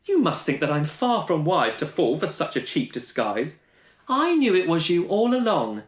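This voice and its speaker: A man's voice: a little high, very animated, normal speed, pitched above the performer's own voice. A man voicing a clever, cheeky young princess with a sassy delivery. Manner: sassy, triumphant. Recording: roomy echo.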